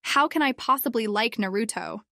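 A woman's voice: fairly high pitch, lively intonation, moderate pace, vocal fry, sharp tone, dry recording, clean studio sound, exaggerated voice. A woman voicing an upset, blunt teenage girl who talks in whiny, exasperated outbursts.

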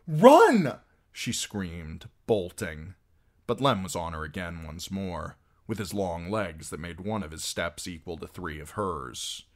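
A man's voice: deep voice, unhurried, fairly bright tone. A man narrating a fantasy novel chapter as an amateur audiobook reader, reading expressively.

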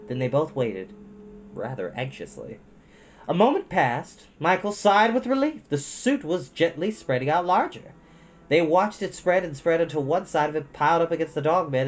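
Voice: medium pitch, low-quality recording. A storyteller reading a chapter book aloud, breaking off for chatty, folksy asides to listeners.

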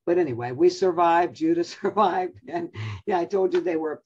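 An older woman with a husky voice, a Bible teacher chatting and telling a family story with frequent laughter before her message, over a video call. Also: on the low side, moderate pace, darkish tone, highs cut off.

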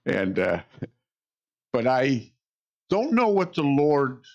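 A male pastor preaching a sermon, telling stories in an unhurried way with wry jokes. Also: medium pitch, wildly swooping pitch, creaky. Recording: dull lo-fi sound.

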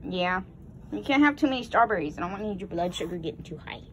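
A woman's voice: fairly low pitch, animated, fast talker, slight background noise. A woman talking to her pet genet in teasing, coaxing baby talk. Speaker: exotic pet owner.

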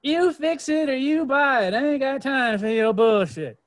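A woman's voice: animated, normal speed. A man putting on sassy Mother Nature. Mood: dismissive. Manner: sassy, dismissive, high-pitched. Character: brash sassy Mother Nature, older woman, impatient.

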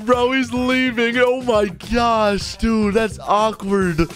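A man giving excited commentary on his gameplay and talking straight to his viewers. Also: extremely high pitch, takes it slowly, faint music behind. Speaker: gaming video host.

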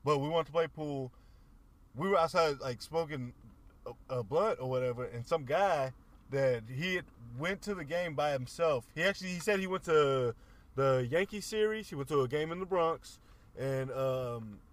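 Podcast co-host, male, slightly higher voice, loose slangy storyteller who swears freely. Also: moderate pace. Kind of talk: casual chat.

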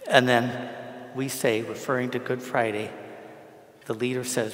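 A man's voice: mid-range voice, flat delivery, unhurried, a bit bright. A male priest giving an informal homily at Mass, talking conversationally, repeating himself and asking the congregation questions. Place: large church. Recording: echoey church with long reverb.

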